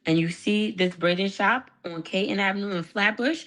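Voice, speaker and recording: A woman's voice: mid-range voice, moderate pace, a bit bright. A woman with a Brooklyn accent ranting heatedly about a bad salon visit, with heavy swearing. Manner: heated, profane, livid. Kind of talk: angry storytime rant.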